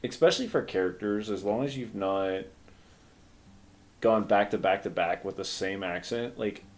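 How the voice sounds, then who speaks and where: A man with a voice on the low side, speaking at a moderate pace, hosts a convention panel as its game master. His casual chat is rambling and self-deprecating, thick with fillers.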